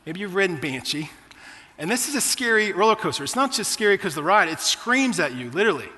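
A man's voice: high voice, very animated, a little fast, sharp tone, in a large hall. A man in his forties preaching a sermon, telling personal stories in a conversational way to his church. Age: 40s. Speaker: pastor.

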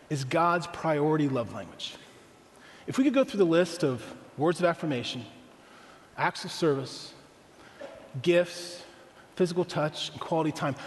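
A man's voice: high voice, in a large hall. A man preaching a sermon as pastor, conversational, asking the congregation rhetorical questions.

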